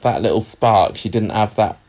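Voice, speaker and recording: Here a man with a fairly low, darkish voice co-hosts a podcast at a moderate pace. The talk is a loose chat about an old TV soap, peppered with fillers and false starts.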